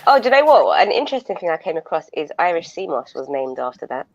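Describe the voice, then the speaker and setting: Gravelly woman on a dull lo-fi call. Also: on the low side, very animated, fast. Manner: swings up and down, swears, teasing. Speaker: panel guest. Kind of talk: casual chat. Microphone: video call.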